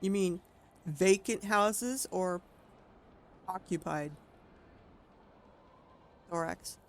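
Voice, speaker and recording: A woman's voice: fairly low pitch, extremely slow. A woman streaming a video game, talking casually as she plays, thinking aloud and exclaiming at what she finds. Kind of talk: casual gameplay commentary.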